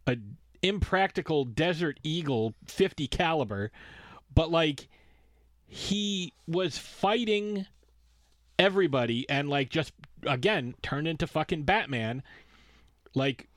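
A man's voice: a little high, expressive, measured pace, no echo. A man co-hosting a podcast, ranting casually and sarcastically and swearing freely. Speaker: podcast co-host. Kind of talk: casual chat.

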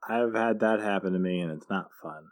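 A man's voice: low voice, brisk, clean tone. A man co-hosting a podcast, chatting casually and adding amused, laughing asides. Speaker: podcast co-host. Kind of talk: casual chat.

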